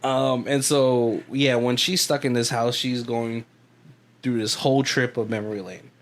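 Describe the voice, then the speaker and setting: A man's voice: medium pitch, fairly even intonation, a little slow, a little hiss or hum. Rambling, laughing male podcast co-host. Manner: rambling, laughs often, swears, puts on voices for quotes. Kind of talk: casual movie commentary chat.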